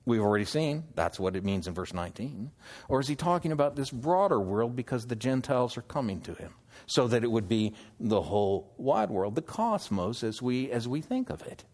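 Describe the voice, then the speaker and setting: A man preaching an expository sermon, teaching slowly through scripture and asking the listeners questions. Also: medium pitch, sing-song, darkish tone. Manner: slow, measured teaching with scripture quotes; emphatic, questioning delivery.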